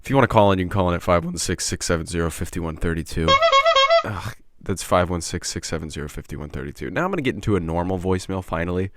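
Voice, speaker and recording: A man's voice: sits low, expressive, rapid-fire, slight background noise. A man hosting a podcast in a casual, exasperated way, swearing often. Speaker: podcast host.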